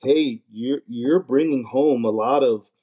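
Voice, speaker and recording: A man's voice: medium pitch, takes it slowly, mellow, husky. A man in casual conversation, talking earnestly and often repeating words as he starts a thought. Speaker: podcast guest, married minister. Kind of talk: casual chat.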